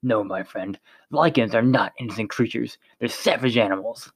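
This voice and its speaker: A man reading a story, voicing a brawny, cruel male commander who talks in a loud, barking way. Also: mid-range voice, normal speed, slightly rough, dry recording. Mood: cold menace.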